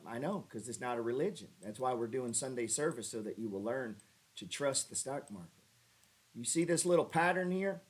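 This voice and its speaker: A man hosting a casual trading livestream, talking over charts with sarcastic, profane asides and mocking jabs at his viewers. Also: fairly quick. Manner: animated pitch jumps when ribbing viewers. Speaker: stock trading livestream host.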